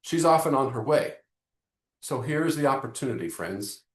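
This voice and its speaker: Man, webinar host, animated, joking, direct to audience, middle pitch, roomy echo. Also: normal speed. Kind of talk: live online marketing lesson.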